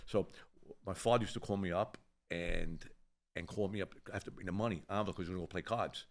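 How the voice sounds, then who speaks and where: A man's voice: sits low, fast talker. Older man spinning a street story. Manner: rough-edged, swears freely, animated when quoting others. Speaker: show host telling a story. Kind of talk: casual storytelling chat.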